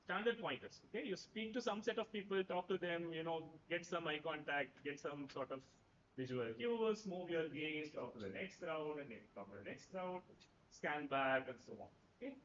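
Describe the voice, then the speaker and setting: A man with a high, lively voice gives a lecture and peppers it with "right?" as he goes. His tone is bright and a bit sharp. The sound is dull and echoes through a big room. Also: normal speed, a little hiss or hum. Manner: conversational, keeps asking "right?". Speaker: professor giving a talk. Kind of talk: lecture to students.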